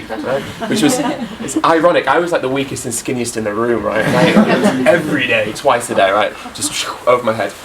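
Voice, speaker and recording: A man's voice: mid-range voice, a little hiss or hum, rough recording. A man in his twenties giving a talk to an audience, telling stories in a candid way and often adding questions like "right?" to his sentences. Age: 20s. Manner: candid storytelling with rhetorical tag questions. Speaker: speaker.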